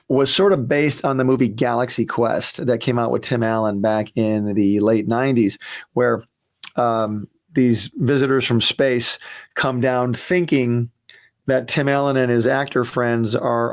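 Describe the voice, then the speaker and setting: A man who created a cartoon, chatting casually as he reacts to an old episode and tells anecdotes, with ums and restarts. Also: medium pitch.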